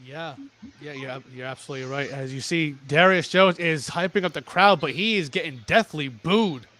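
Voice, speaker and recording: A young man calls a wrestling match play by play, tripping over his words and restarting as he rushes ahead. His voice sits high for a man and rings bright and sharp. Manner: rapid, stumbling restarts, plugs sponsors. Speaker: play-by-play commentator. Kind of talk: excited wrestling commentary.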